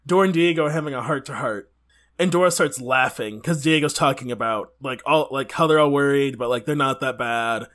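A man's voice: mid-range voice, a little fast, a bit bright. A man co-hosting a podcast, chatting casually and laughing often as he recaps a movie. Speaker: podcast co-host.

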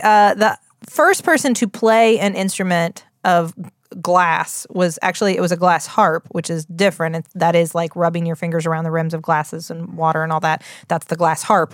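A woman's voice: on the low side, dry recording, clean studio sound. Chatty woman with a West Virginia accent. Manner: chatty, rambling, full of fillers and restarts. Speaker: podcast co-host. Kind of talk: casual chat.

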